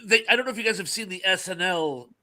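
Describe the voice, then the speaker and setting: A man with a high, very bright voice hosts a loose podcast chat. He jokes a lot and slips into quick acted-out quotes. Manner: playful, jokey, acts out quotes. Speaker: podcast host. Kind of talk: casual chat.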